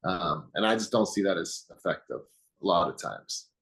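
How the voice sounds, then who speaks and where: A man speaking as an interview guest, calmly explaining in a teaching manner with examples. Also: sits low, moderate pace, low-quality recording. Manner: calm, teaching, uses metaphors and quoted examples. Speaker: guest, anger management expert.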